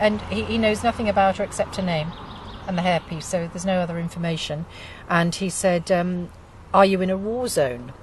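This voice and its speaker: Low-voiced hesitant woman hosting. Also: far from the mic, slight background noise. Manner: hesitant, many fillers. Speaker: group host. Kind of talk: group discussion.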